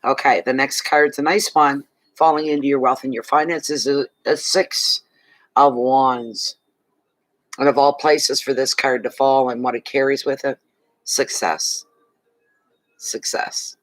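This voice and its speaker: A man's voice: medium pitch, fairly even intonation, unhurried, a bit bright, dry recording, low-quality recording. A man giving a casual monthly tarot reading to his viewers, chatty and rambling, with many asides and restarts, tired and yawning. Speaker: tarot reader.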